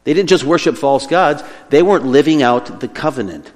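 A man preaching a sermon as pastor, earnest, slowing and softening when he voices God's words. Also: fairly high pitch, lively intonation. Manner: earnest preaching, slows down and drops quieter for quoted words of God. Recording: long hall reverb.

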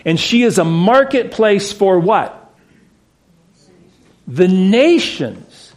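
A pastor preaching a sermon, earnest and emphatic at times, then hushed and reverent. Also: male voice, high voice, sing-song, drawn-out words, pauses often. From United States. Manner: earnest, rising to emphatic, dropping to hushed awe.

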